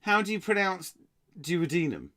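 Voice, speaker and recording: A man's voice: high voice, sing-song, normal speed, a bit bright, no echo, clean studio sound. An English man hosting a live-stream quiz, reading out items and laughing and joking with his viewers. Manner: reads quiz items aloud, laughs often, jokes with chat. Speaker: quiz host.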